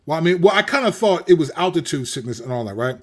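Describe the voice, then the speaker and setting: A middle-aged man with a voice pitched a little above the usual, telling a long personal story as host of his own show. He speaks with animated street slang and a preacher's rhythm, often doubling back on his words. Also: fast.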